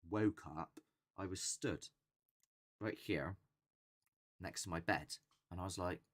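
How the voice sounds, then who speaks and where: Low in pitch and fairly bright in tone, this young host speaks slowly and pauses often. Running a casual live chat for a paranormal channel, he rambles chattily and frequently acts out quotes.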